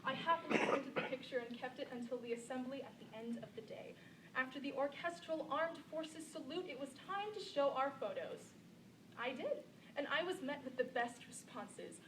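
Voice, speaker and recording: A woman giving a memorized contest speech and reciting a poem, with an earnest, measured oratorical delivery. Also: sits high, animated, distant mic, noisy background.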